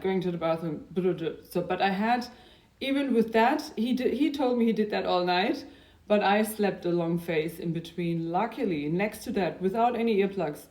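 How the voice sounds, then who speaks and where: A young adult woman talking in a casual, rambling video diary. Her loudness drifts from sudden bursts down to near-whispers. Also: mid-range voice. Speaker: diary vlogger.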